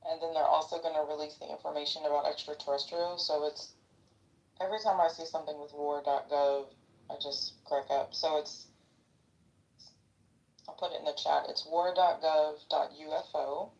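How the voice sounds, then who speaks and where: A woman's voice: sits low, fairly even intonation, moderate pace, creaky, a little mellow, distant mic, muffled recording. A woman in her fifties chatting casually, rambling and joking as she gossips. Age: 50s. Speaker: participant in a live audio chat. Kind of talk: casual chat.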